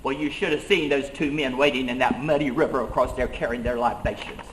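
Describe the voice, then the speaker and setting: In an echoey room with a little hiss or hum, a male reenactor speaks as an 18th-century schoolmaster turned colonial rebel leader, recounting his tale in the first person. His mid-range voice is brisk with fairly even intonation, and the light acting carries earnest emphasis.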